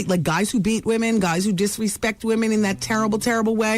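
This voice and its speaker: A woman's voice: mid-range voice, lively intonation, a little fast, darkish tone. A woman hosting a talk radio show, dishing celebrity gossip in a brassy, teasing manner.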